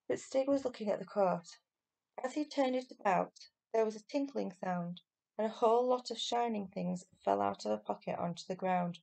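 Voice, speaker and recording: A woman teacher reading a children's novel aloud at an even pace. Her voice carries a gravelly edge, and her storytelling stays steady and clear. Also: mid-range voice, moderate pace.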